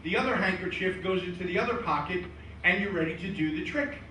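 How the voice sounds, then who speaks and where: A middle-aged man tells deadpan jokes in a high, sharply bright voice. He slips into his old relatives' voices as the punchlines come. He is picked up from a distance in an echoey room with a faint hiss. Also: quick pace. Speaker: comedian and magician. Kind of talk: stand-up comedy and magic routine. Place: live show venue.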